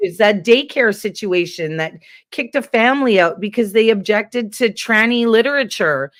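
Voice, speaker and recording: A woman's voice: medium pitch, normal speed, no echo, studio quality. Heated, rambling woman guest. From Canada. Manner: rambling, heated, animated storytelling with many fillers. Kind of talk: casual political chat.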